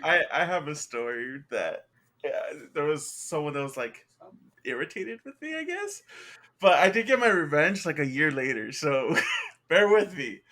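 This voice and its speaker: A young man and podcast co-host telling a story from school in casual chat, laughing often. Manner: slow, laughs a lot, lively pitch.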